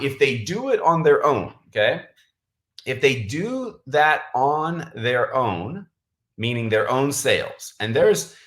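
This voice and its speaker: Lowish guy rambling fast on a team livestream, lots of ums, echoey room. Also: fairly bright tone. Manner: rambling, many fillers and self-corrections; says he is talking really fast. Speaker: direct-sales team leader. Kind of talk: casual livestream training. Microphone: camera mic on livestream.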